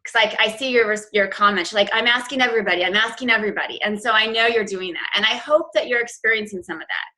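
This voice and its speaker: A woman's voice: mid-range voice, fast talker, few pauses, pushed and bright, rough recording. A woman coach giving a chatty, informal training talk to her team, with plenty of fillers and restarts. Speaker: fitness business coach.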